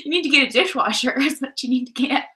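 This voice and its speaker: A woman in her thirties co-hosts a live stream in a high-pitched voice, talking quickly with a sharp tone. She chats casually and jokes around, playfully breaking into song and rapping along to tracks.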